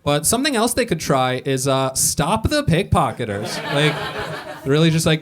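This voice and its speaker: A young American man doing a stand-up set in a comedy club on a boat, wry and deadpan, laughing along with the crowd. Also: a little high, moderate pace. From United States.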